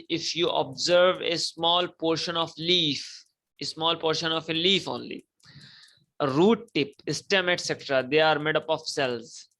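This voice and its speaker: In a low-quality recording, a man's fairly high, bright voice carries a forceful tone as he teaches a class. He drives key points home by repeating them and has the students say them back to him.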